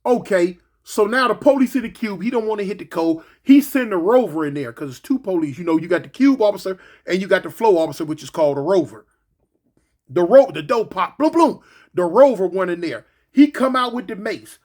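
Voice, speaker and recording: A man telling a lively story, repeating phrases and making sound effects. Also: high-pitched, normal speed. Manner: animated, repetitive, sound effects.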